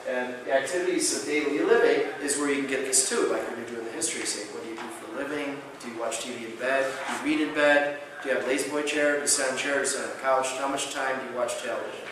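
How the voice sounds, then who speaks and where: Animated man lecturing in an echoey hall. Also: mid-range voice, quick pace, distant mic, noisy background. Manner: animated storyteller acting out dialogue. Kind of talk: conference lecture with patient stories. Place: large conference hall.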